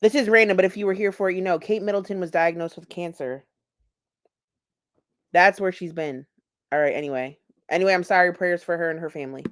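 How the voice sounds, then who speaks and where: A woman's voice: lowish voice, a little fast, pauses often. A woman giving casual, profane, gossipy commentary over video clips. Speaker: commentary YouTuber.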